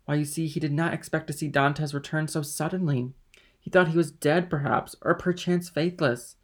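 A man voicing a scheming, envious ship's officer, smooth and calculating in manner. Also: fairly high pitch, steady tone, normal speed, voice pushed up. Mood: sly.

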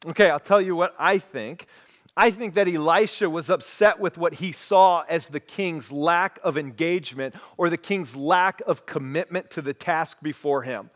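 A man preaching a sermon, telling a story with lively acted-out voices. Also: on the high side, moderate pace. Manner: animated storytelling, acts out quoted voices. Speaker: pastor.

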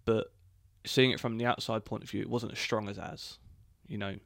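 A man's voice: on the low side, moderate pace, gravelly, no echo, studio quality. A young man chatting easily as a guest, with lots of ums and you knows. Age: young adult. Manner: relaxed, uses fillers like um and you know. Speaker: guest, host's son. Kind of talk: casual chat.

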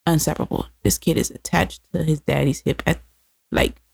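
Woman, casual chat, animated storyteller, competitive, lower voice. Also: brisk, creaky, noisy background. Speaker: podcast co-host, mother.

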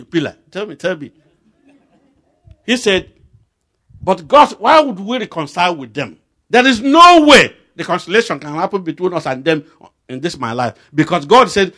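A middle-aged man with a Nigerian accent delivers a sermon full of stories. His fairly high voice climbs and drops a lot, and he punches key lines loudly. The talk is lively. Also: moderate pace. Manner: animated storytelling with voice rising sharply for emphasis. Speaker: preacher.

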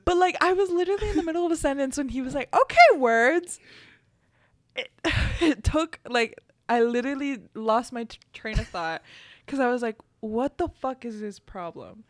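A woman's voice: high voice, a little fast, dry recording, studio quality. A woman co-hosting a podcast in casual chat, talking emphatically with playful mock indignation. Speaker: podcast co-host.

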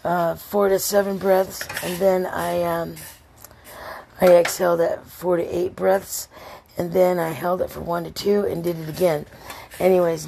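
A woman's voice: lowish voice, vocal fry, darkish tone, slight background noise. A tipsy woman podcaster rambling candidly through a casual personal monologue and swearing freely.

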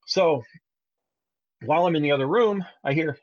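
A man in his thirties co-hosting a podcast, telling a family story in a casual, animated way, sometimes jumping high to imitate his child. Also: a little fast, dull audio. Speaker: podcast co-host.

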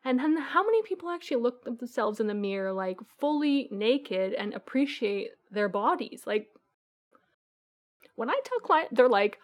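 A woman coach giving an earnest, animated answer in a podcast interview, acting out the voices of her clients. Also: a little high, normal speed. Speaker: guest coach.

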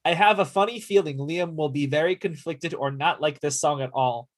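A man ribs his co-host as they chat casually about music. His manner is playful and teasing. His voice sits a little higher than most men's. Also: moderate pace. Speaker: podcast co-host.

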